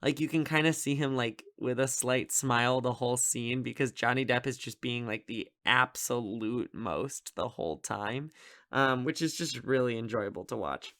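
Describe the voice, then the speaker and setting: A man's voice: medium pitch, normal speed, bright, forceful tone. A man hosting a podcast, reviewing a film in a casual, rambling way, full of fillers and amused asides. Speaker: podcast host. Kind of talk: casual solo movie review.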